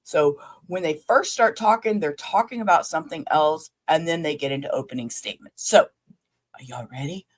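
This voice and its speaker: Woman host, livestream commentary: low, loose, off-the-cuff, swears in passing. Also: moderate pace. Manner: rambling, chatty, talks straight to viewers, casual swearing. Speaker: livestream host reviewing a trial.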